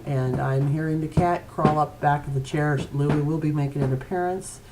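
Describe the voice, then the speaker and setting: A woman's voice: deep voice, steady tone, moderate pace, heavy background noise. A woman author chatting casually at home to viewers of her weekly video blog, with many hesitant fillers. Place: at home with her cat nearby.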